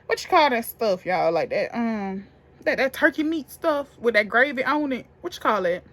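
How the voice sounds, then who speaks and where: A young woman telling a story to camera in a casual, profane, animated way, getting loud and then hushed. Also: on the high side, normal speed. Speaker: beauty vlogger.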